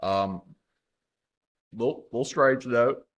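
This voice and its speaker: A laid-back young man co-hosting a sports podcast, recounting his weekend and laughing easily. His voice sits at a medium pitch. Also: takes it slowly, dull audio. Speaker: podcast co-host. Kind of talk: casual sports chat.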